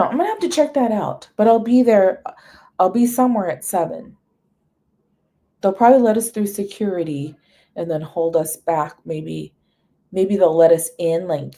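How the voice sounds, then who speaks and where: A woman's voice: lowish voice, dark tone. A woman hosting a casual livestream, chatting with viewers, greeting them by name and reading long menu lists aloud. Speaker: livestream host. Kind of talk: casual live chat with viewers.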